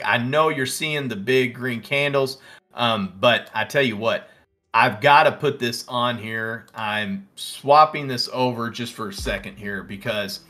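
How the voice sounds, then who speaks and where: A man with a Southern American accent hosts a live trading stream, rattling off tickers and percentages between replies to his chat. His voice is bright and forward, and it jumps up with excitement when a stock runs. Faint music plays underneath. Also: medium pitch. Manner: excitable, reads out tickers and prices, answers chat. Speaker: stock trading livestream host. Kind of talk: casual live market commentary.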